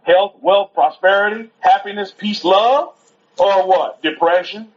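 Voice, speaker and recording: A man's voice: sits high, unhurried. A man giving an informal, rambling sermon at a Sabbath gathering, repeating himself and talking conversationally. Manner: rambling, repetitive, conversational, stops to soothe a toddler. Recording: dull lo-fi recording.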